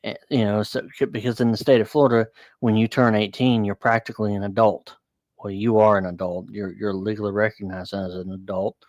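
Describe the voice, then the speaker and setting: A man's voice: on the low side, little pitch movement, brisk, a little mellow, no echo, studio quality. A man hosting a casual chat, telling a long personal story in a rambling, blunt way with fillers and swearing.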